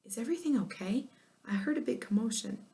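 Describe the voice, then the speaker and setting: A woman's voice: on the high side, animated, brisk, mellow, recorded from a distance, pitched above the performer's own voice. A woman voicing a cheery male animal-show performer in a children's storybook. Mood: concerned.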